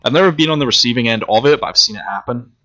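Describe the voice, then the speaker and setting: A man's voice: mid-range voice, lively intonation, rapid-fire, bright, forceful tone. A man giving casual, rambling and profane commentary while playing a video game. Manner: rambling, profane and self-mocking. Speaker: let's play commentator.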